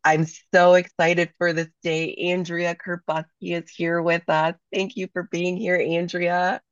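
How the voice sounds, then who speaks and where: A woman co-hosting a podcast interview, hoarse from a cold, gushing with praise in a casual chat. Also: lowish voice, level tone, measured pace, dry recording, dull audio. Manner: effusive, gushing. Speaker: podcast co-host.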